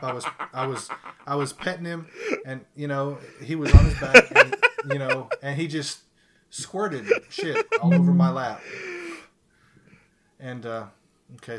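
Guy with a bright edgy voice ranting and cussing through a funny story, casual chat. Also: medium pitch. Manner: animated, profane, laughs through his story.

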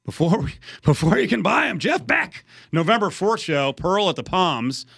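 A man's voice: high voice, big pitch swings, moderate pace, vocal fry, fairly bright tone, husky, no echo, clean studio sound. A man hosting sports talk radio, bantering wryly and reading ticket promos.

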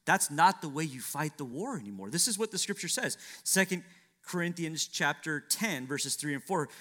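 A man's voice: fairly high pitch, animated, normal speed, fairly bright tone. A man preaching a sermon as a pastor, building emphasis through repeated phrases. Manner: preaching with swelling, emphatic repetition.

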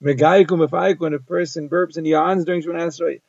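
A man's voice: fairly high pitch, steady tone, fairly quick, creaky, a little mellow, no echo. A man giving a daily Talmud lesson, translating phrase by phrase in an explanatory manner. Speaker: Talmud teacher. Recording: dull lo-fi dry recording.

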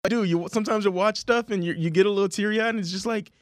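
A man co-hosting a sports talk radio show, talking quickly and with enthusiasm. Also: high-pitched, steady tone, dry recording, studio quality.

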